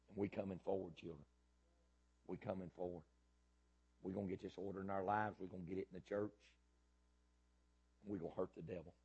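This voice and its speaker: Middle-aged male pastor, husky low voice, fiery repetitive sermon delivery. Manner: fiery, emphatic preaching with loud rises and repetition.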